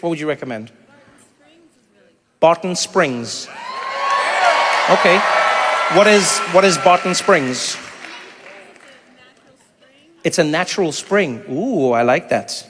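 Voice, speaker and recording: A man's voice: a little high, in a large hall, noisy background. A man doing playful, teasing crowd work as a stand-up comedian on a live stage. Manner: playful, teasing, quick asides.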